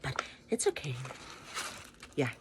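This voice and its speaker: A Filipino woman vlogger, at her home in Japan, unboxes gifts while chatting casually, giggling and being playful. She speaks slowly, and there's heavy background noise.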